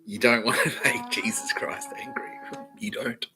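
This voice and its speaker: A man hosting a podcast, rambling through a profane monologue that swings from low mutters to loud outbursts. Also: moderate pace, over music, low-quality recording. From Australia. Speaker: podcast host.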